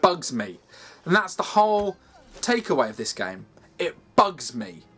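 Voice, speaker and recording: Sweary, animated man ranting. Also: fairly high pitch, a little slow, husky. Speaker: gaming video host. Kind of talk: ranting game review over gameplay. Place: home games room with green screen.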